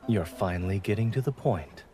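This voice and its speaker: A man voicing a deadpan, deep-voiced young doctor. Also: heavy background noise, lightly acted. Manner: dry, deadpan, measured. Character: calm, reserved young male doctor. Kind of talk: voiced game dialogue. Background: game music.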